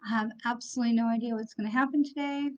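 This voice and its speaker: Rapid-fire and on the high side, with a steady, darkish tone, a middle-aged psychic medium addresses her livestream viewers. She's blunt and angry, cursing and apologizing for the language, all through slightly dull lo-fi audio.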